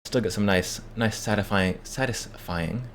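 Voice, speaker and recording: Male streamer, very deep voice, relaxed chatty delivery at his desk mic, faint room hum behind. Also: a little slow. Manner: relaxed, chuckles often, repeats words as he talks. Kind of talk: casual live-stream chat reading viewer messages. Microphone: desk microphone.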